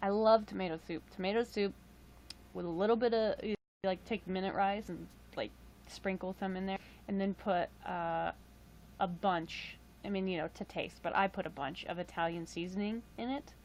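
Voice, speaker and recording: A woman's voice: mid-range voice, steady tone, normal speed, darkish tone, slight background noise. A young woman casually chatting on a livestream, rambling with lots of fillers and self-deprecating asides. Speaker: livestream host.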